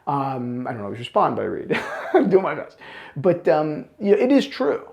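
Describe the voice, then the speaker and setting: Animated gravelly-voiced man reviewing watches. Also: on the high side, normal speed, highs cut off. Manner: animated, blunt and enthusiastic. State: out of breath. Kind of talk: opinionated collection review.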